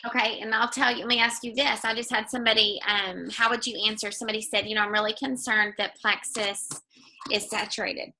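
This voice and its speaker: A woman's voice: a little high, steady tone, brisk, pushed and bright, low-quality recording. A woman from Texas hosting a team call, eagerly asking her guest questions. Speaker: call host.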